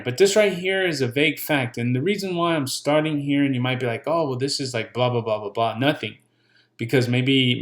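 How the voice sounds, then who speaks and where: Man, mid pitch, casual, blunt, joking, swears, repeats points. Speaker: channel host giving legal pointers. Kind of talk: casual explainer with commentary.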